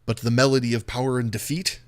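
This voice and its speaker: A man's voice: mid-range voice, fairly even intonation, fast. A man running a tabletop role-playing game as dungeon master, narrating scenes in vivid detail with frequent "uh" and "um" fillers.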